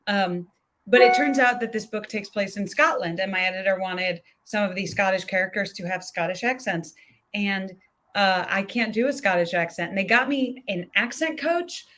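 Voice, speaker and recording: A woman's voice: medium pitch, fairly bright tone. Chatty, self-deprecating woman author. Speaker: author guest. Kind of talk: casual chat.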